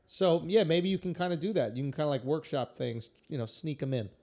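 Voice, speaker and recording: A man's voice: a little high, animated, a little fast, darkish tone. A male comedian hosting a podcast, riffing casually in loose slang. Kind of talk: casual chat.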